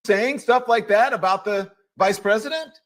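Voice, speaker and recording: Brief: male commentator, fairly high voice, sarcastic rant full of rhetorical questions. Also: moderate pace, a bit bright. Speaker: political commentator. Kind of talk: ranting monologue to camera.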